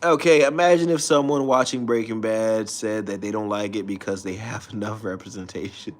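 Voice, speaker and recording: A man's voice: lowish voice, fairly even intonation, normal speed. A man streaming, ranting in a loose, profane way with frequent restarts. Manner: profane, rambling, restarts often. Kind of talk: casual rant.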